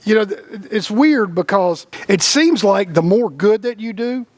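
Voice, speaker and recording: A man with a high voice talks in a loose, rambling way, often repeating words and breaking into laughter. He co-hosts a casual spiritual chat and acts out the voices of people he quotes. The sound is dry and close, with no room echo. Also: animated, unhurried. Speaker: podcast co-host.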